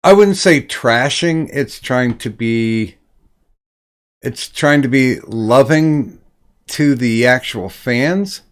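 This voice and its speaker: A man hosting a casual online chat, asking his guests questions in a halting, thoughtful way. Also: mid-range voice. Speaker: podcast host.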